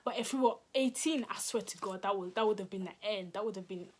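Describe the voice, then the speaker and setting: Animated young woman telling a storytime. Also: medium pitch, quick pace. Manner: animated, dramatic storytelling with slang and swearing. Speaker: vlogger. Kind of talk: storytime vlog.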